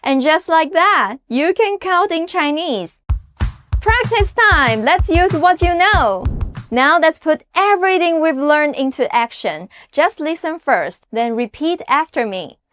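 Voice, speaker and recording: Female language teacher, lively pitch, unhurried delivery, patient repeat-after-me drills. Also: no echo, soft background music. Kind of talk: scripted language lesson.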